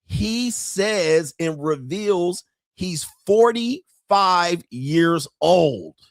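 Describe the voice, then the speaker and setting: A man hosting a commentary channel, telling jokey stories in a loud, profane, animated way. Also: sits high, very slow. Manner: profane, joking, animated storytelling. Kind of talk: casual commentary.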